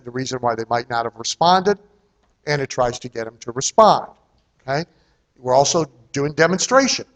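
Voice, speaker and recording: A man giving a live seminar talk on marketing, blunt and conversational, often checking in with his listeners and not shy about cursing. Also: medium pitch. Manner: salty and irreverent.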